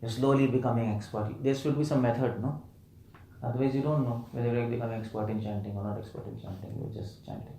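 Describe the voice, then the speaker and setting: A man's voice: mid-range voice, fairly even intonation, fast, dark tone, a little hiss or hum. A man, preaching a scripture lecture and questioning a live audience, playfully repeating words for emphasis. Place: temple hall. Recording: roomy hall echo.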